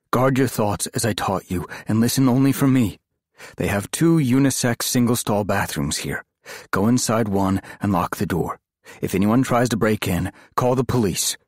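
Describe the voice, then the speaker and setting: A man's voice: on the low side, moderate pace, no room sound, clean studio sound, voice pushed up, natural voice. A man reading aloud, voicing a former priest who acts as a tense, protective mentor, firm and commanding. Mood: urgent.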